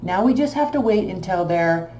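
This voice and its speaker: A woman casually telling a long personal story, emotional and animated, with many fillers. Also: mid-range voice, normal speed, reverberant, slight background noise. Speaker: tarot channel host.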